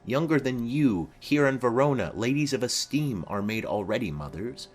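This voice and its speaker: A man's voice: medium pitch, lively intonation, moderate pace, faint music behind, close to an everyday voice. A man voicing a formal, commanding noblewoman mother in a dramatic reading of a play.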